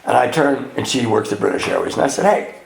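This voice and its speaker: A man telling his recovery story at a men's retreat, animated and laughing, acting out the people in it. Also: medium pitch, quick pace, vocal fry. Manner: animated storyteller, acts out voices, laughs often. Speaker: retreat speaker. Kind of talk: personal recovery testimony with humor. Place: retreat meeting hall. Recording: echoey hall with faint background noise.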